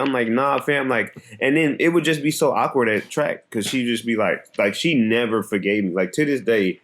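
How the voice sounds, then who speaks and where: A young man co-hosting a podcast, telling a story in casual chat, animated and laughing, his voice jumping high on punchlines. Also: brisk, hardly any pauses, slight background noise. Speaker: podcast co-host.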